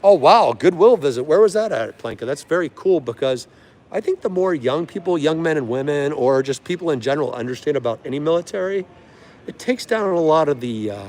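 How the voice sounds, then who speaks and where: Hosting a livestream from an aviation museum, a man chats in a friendly way and greets viewers, answering each by name. His voice is fairly high and a little mellow.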